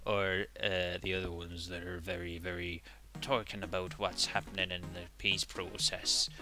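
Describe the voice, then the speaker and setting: A man's voice: low-pitched, little pitch movement, normal speed, bright, forceful tone, faint music behind, voice pushed down. A man voicing a defensive male politician, speaking in pompous, evasive speech.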